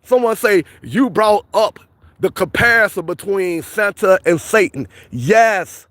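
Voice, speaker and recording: Male streamer, high voice, pushy and repetitive, arguing with chat outdoors. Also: animated, measured pace, fairly bright tone, no echo. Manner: insistent, repeats points, argues with viewers. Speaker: livestream host. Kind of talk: street livestream arguing with chat. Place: outdoors by a police station.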